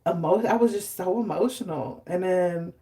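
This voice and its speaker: A young adult woman hosting a casual live stream about hair care, chatty and animated, acting out her stories. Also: lowish voice, normal speed.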